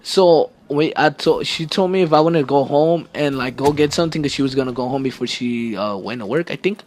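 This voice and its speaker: A man's voice: medium pitch, fairly quick, darkish tone, slight background noise. A teenage boy vlogger telling a story to camera in a casual, rambling way, swearing often and laughing at himself.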